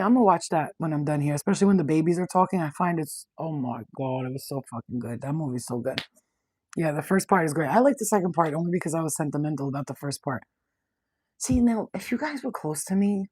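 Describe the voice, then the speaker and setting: A woman's voice: low voice, dark tone, breathy edge, no room sound. A woman, a spiritual reader, talking casually and bluntly to her viewers, swearing freely. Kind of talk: casual direct-to-camera chat.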